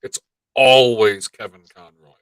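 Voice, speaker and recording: A man's voice: medium pitch, unhurried, clear, resonant tone, no room sound, rough recording. A man co-hosting a casual live-stream chat, rambling and swearing freely as he talks. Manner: profane, animated rambling. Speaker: podcast co-host.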